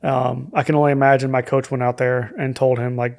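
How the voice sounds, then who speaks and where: Flat, gravelly-voiced man telling his story. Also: medium pitch, fairly quick, few pauses. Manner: candid and reflective, with hesitant fillers. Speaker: podcast guest. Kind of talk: personal story in a podcast conversation.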